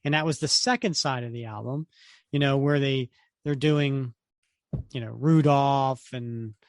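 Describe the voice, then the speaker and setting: A man's voice: mid-range voice, measured pace, dry recording, studio quality. A middle-aged man co-hosting a podcast, chatting casually and animatedly, sometimes breaking into song and laughter. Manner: animated, sings snatches of songs and laughs. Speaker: podcast co-host. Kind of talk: casual chat.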